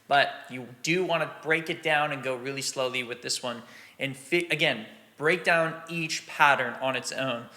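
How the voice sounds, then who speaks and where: Bright-voiced man teaching drum technique. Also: a little high. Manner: relaxed, practical, scats drum rhythms aloud. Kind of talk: instructional explanation.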